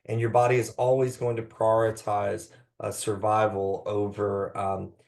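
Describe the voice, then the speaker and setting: A man with a fairly low voice presents to a room of clinicians. He is a trainer on trauma-informed care, and his delivery is unscripted and halting, full of ums, uhs and restarts. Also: little pitch movement, vocal fry, a little mellow. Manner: hesitant, many fillers and restarts.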